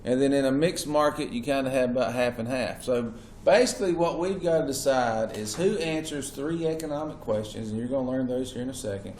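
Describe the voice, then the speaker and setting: A man's voice: medium pitch, fairly quick, few pauses, darkish tone. A man lecturing a class as their teacher, asking questions and stressing key words. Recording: echoey classroom with faint noise.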